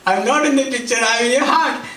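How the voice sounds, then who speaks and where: A man voicing an elderly male guru who gently scolds and teaches, in a raised and emphatic delivery. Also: very high-pitched, brisk, pitched above the performer's own voice. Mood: teasing. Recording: roomy hall, mic at a distance.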